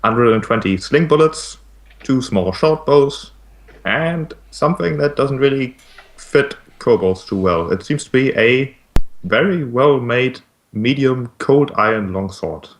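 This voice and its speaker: A young man narrating a tabletop game as game master, in a relaxed, matter-of-fact way with some hesitant restarts. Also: medium pitch, unhurried.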